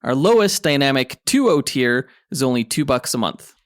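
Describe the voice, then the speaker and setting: Guy cohosting a comics podcast, mid-pitch, upbeat, totally dry mic sound. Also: sing-song, normal speed, no room sound. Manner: upbeat promo reading. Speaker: podcast co-host. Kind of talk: casual podcast chat.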